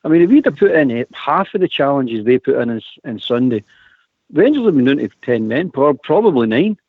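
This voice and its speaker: A Scottish man co-hosting a football fan phone-in, talking with indignant, animated conviction. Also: medium pitch, fairly quick, no room sound. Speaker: radio co-host. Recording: dry, phone-like radio sound.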